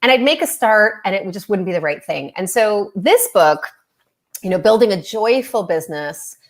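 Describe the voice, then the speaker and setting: Woman, Canadian accent, podcast guest, bubbly, chatty, laughs often, mid pitch. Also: lively intonation, normal speed. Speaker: business coach and author, podcast guest. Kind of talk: casual interview chat.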